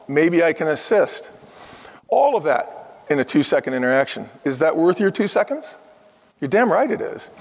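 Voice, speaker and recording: A man in his fifties, a guest on a podcast, telling stories earnestly and with emphasis in a conversational interview. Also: a little high. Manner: earnest, emphatic storytelling that acts out the people he quotes. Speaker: podcast guest, former restaurant chief executive. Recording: long hall reverb.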